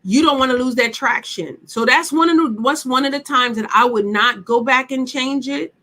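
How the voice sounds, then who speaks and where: A workshop instructor with a high-pitched, sharp voice and moderate pace leads a live online session. She talks chattily and emphatically, repeating her points and putting direct questions straight to the audience.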